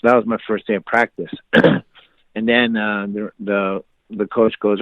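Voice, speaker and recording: A man's voice: lowish voice, little pitch movement, a little slow, no echo. A man in his forties, a podcast guest, telling a story in a casual interview and acting out the voices of the people in it. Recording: dry phone-like line.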